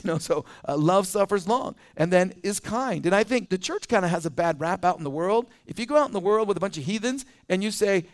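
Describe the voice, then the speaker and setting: A man with a noticeably high voice delivers a sermon to his congregation. He keeps it conversational, chuckling as he goes and slipping into quick acted-out scenes. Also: lively intonation. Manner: conversational, chuckles often, acts out little scenes. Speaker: pastor. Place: church.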